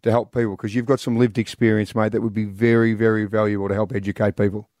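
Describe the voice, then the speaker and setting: A man's voice: on the low side, little pitch movement, fast, darkish tone, dry recording, studio quality. A man hosting a radio interview, calling his guest "mate". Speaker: radio host.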